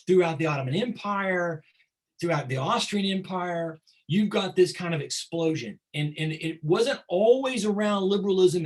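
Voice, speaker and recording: Conversational male history teacher, somewhat high. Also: rough recording. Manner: conversational, repeats words while thinking, asks rhetorical questions. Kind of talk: lecture.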